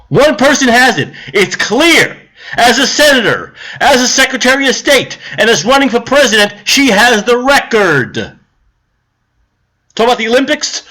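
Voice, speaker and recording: A man's voice: very high-pitched, fairly quick. A man giving a profane political rant to camera, lecturing and scolding the viewer, then settling into grumbling explanation. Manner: calmer, grumbling explanation later on. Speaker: political vlogger.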